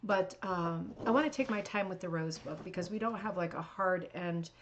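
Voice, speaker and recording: Woman, livestream host, casual chat, greets viewers, chatty, filler-heavy, restarts, relaxed on a couch. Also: on the low side, normal speed, a little hiss or hum. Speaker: host of a rug hooking club livestream. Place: sitting on a couch at home.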